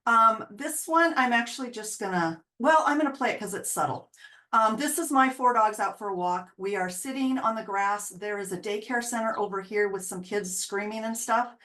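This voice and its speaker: Speaking at normal speed in a mid-range voice with a sharp tone, a woman dog trainer narrates video clips. She casually explains dog body language in a chatty, explanatory way, voicing the dogs in quotes.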